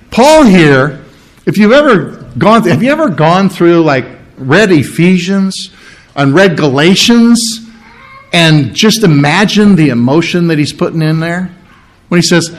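A man preaching a sermon in church, animated and emphatic, stopping to explain Greek words. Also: on the high side, normal speed. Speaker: pastor.

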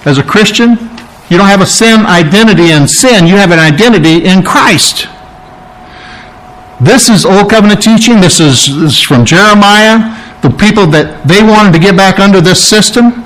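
A man's voice: sits high, moderate pace, a bit bright, low-quality recording. A man preaching a sermon as a pastor, emphatic and conversational, with asides to the congregation.

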